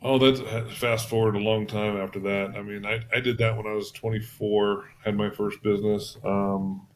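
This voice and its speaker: A man being interviewed as an entrepreneur and mentor, telling stories in a relaxed way with restarts and chuckles. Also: fairly low pitch, normal speed, a little hiss or hum. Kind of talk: casual interview talk.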